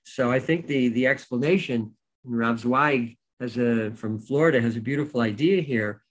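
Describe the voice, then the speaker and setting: A rabbi giving a Torah lesson, who reads verses in Hebrew, translates them, and explains them with a story. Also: male voice, medium pitch, normal speed, poor audio. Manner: tells a story to make a point. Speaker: rabbi teaching a weekly Torah class.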